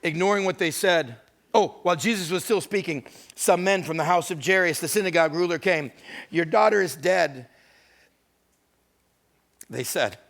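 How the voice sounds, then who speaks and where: A man's voice: high voice, brisk. Man preaching with dramatic swings. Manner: dramatic storytelling, acting out voices of scripture figures; swings between hushed intimacy and loud emphasis. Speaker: pastor. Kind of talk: sermon.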